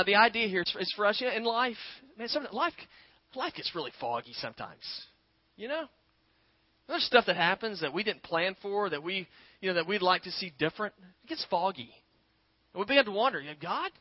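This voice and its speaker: High-voiced man preaching a conversational sermon. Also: no echo, dull audio. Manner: conversational preaching, addresses listeners as "guys" and "y'all". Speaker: pastor.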